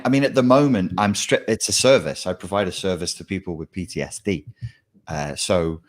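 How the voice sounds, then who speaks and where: A man who writes and coaches, talking in a halting way with frequent restarts in a casual conversation. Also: low-pitched. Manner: halting, restarts words often. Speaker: author and trauma coach.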